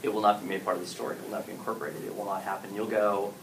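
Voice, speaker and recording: A man races through a casual event talk on story games, his fairly low voice holding a level tone even as he animatedly acts out players and game masters. The recording uses a distant mic and carries clear background noise.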